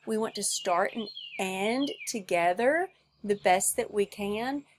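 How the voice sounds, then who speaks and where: A woman's voice: medium pitch, takes it slowly, a little hiss or hum. A woman music teacher giving a recorded lesson for children, patient and encouraging, who shows each step by singing it herself. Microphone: recorded at home for a video lesson.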